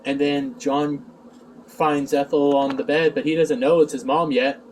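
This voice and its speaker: A man's voice: on the high side, level tone, measured pace, a little mellow. A man reviewing a TV episode in a rambling, sarcastic casual recap, recorded on a distant mic with faint background noise.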